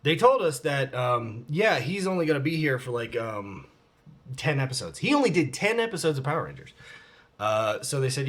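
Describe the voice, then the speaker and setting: A man's voice: mid-range voice, sing-song, brisk, fairly bright tone. A man in his forties answering viewer questions on his vlog in a rambling, candid way, swearing freely. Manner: rambling, profane and candid, with frequent fillers. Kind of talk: casual vlog Q&A.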